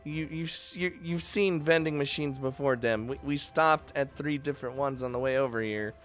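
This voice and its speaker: A man's voice: medium pitch, moderate pace, a bit bright, faint music behind, voice pushed up, close to an everyday voice. A man voicing a dry, practical young woman. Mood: matter-of-fact. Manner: matter-of-fact, lightly teasing.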